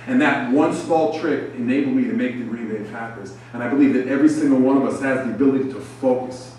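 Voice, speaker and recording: A man's voice: medium pitch, fast, few pauses, darkish tone, a little hiss or hum. A middle-aged man giving a motivational speech at a banquet, telling stories and acting out the dialogue. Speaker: banquet speaker. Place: banquet hall. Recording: echoey hall, far from mic.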